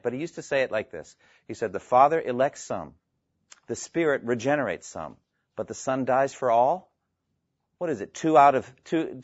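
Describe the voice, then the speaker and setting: A theology teacher lectures a class in an earnest, emphatic manner, frequently posing rhetorical questions to his listeners. His voice is mid-range, and the recording is dull, lo-fi, and dry.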